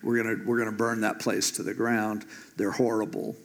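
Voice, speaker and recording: A preacher doing a breezy, chatty angel. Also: male voice, on the low side, little pitch movement, normal speed, gravelly, pitched below the performer's own voice. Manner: casual, chatty. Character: angel of the Lord, breezy male messenger.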